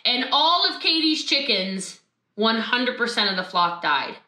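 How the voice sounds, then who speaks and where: A woman giving an animated, emphatic motivational talk over a video call, telling a story with asides. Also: on the high side, measured pace. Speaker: motivational speaker. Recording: roomy echo.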